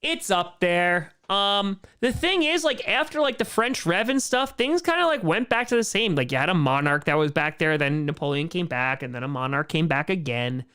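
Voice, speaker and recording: A man's voice: high-pitched, lively intonation, moderate pace, hardly any pauses, pushed and bright, clear, resonant tone. A man hosting a casual livestream Q&A, answering chat questions in a rambling way, full of "like" fillers and blunt opinions. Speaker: streamer host answering chat.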